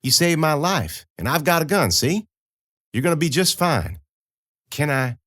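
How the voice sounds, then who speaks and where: A man's voice: on the high side, sing-song, a little slow, a bit bright, no echo, clean studio sound, pitched above the performer's own voice. A man voicing a tough young rural farm woman, talking in a folksy, coaxing drawl. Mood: reassuring.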